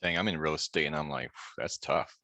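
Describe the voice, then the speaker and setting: A man hosts a casual group video call in a relaxed, chatty way. His voice sits very low and sounds bright. The room sounds dry and close. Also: racing, no echo. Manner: relaxed, chatty, laughs while retelling. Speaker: host of an online practice group.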